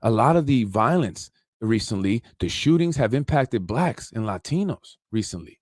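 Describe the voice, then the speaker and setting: A man's voice: medium pitch, expressive, moderate pace, a little mellow, no echo, studio quality. A man hosting a political talk show, ranting loosely with sarcastic asides and a lot of "you know". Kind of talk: unscripted political rant. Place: Yonkers, New York.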